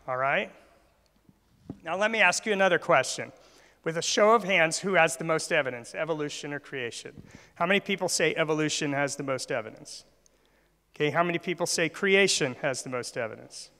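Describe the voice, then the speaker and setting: A man's voice: a little high, fairly bright tone. A male guest speaker giving a church talk, often asking the audience questions. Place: church hall. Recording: long hall reverb.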